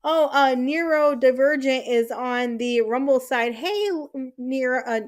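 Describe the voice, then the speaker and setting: A woman in her thirties with a high-pitched voice hosts a live stream at a measured pace. She chats casually and tells animated stories laced with plenty of swearing.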